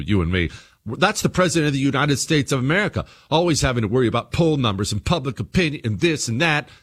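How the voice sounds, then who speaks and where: A man hosting his own talk radio show, commenting emphatically, repeating phrases and swinging between low asides and raised points. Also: fairly bright tone, slightly rough.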